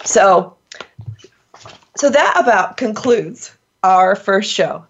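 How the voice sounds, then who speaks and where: A woman hosts a casual podcast in a middle-pitched voice, playful and emphatic, quick to laugh. The recording sounds dull and lo-fi. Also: lively intonation. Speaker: host.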